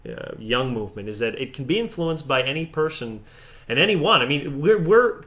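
A podcast co-host chats casually, his fairly high male voice expressive, pushed and bright at a normal speed. He rambles, swears, and keeps restarting his sentences.

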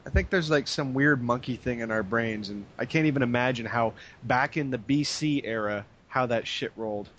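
A man's voice: mid-range voice, normal speed, hardly any pauses, a bit bright, highs cut off, a little hiss or hum. A man chatting casually as co-host, musing in a crude, offhand way. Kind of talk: casual chat.

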